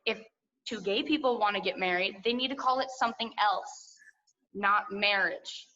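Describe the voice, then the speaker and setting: A woman's voice: medium pitch, normal speed, sharp tone, lightly acted. A woman voicing her stern, disapproving middle-aged mother, firm and lecturing, over lo-fi video call audio.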